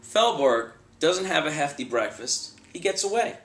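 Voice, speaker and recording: Man telling a lively anecdote, echoey room. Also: fairly high pitch, measured pace, a little hiss or hum. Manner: animated, acts out voices in quotes. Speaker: bail enforcement agent. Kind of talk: casual anecdote storytelling.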